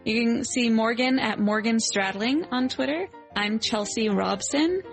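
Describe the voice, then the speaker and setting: A woman co-hosting a podcast, chatting casually and excitably, with a giggly manner. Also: fairly high pitch, unhurried, gravelly, faint music behind. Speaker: podcast co-host.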